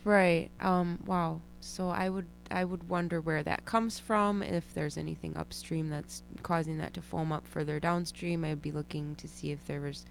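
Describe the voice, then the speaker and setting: A woman in an interview, speaking in a measured way and asking follow-up questions. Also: low voice, steady tone, gravelly, soft background music. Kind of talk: conversational interview.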